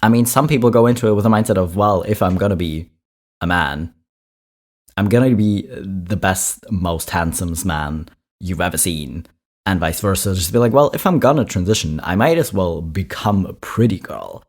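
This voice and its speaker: Low-voiced man giving chatty clip commentary. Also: moderate pace. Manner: chatty, exasperated, with emphatic repeats. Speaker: reaction video host. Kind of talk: casual commentary on clips.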